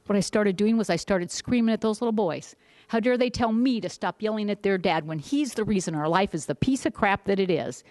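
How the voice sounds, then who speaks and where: An older woman from the United States giving a blunt, animated personal testimony to a group. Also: on the low side, no echo. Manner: blunt, salty, animated storytelling. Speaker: speaker sharing her story.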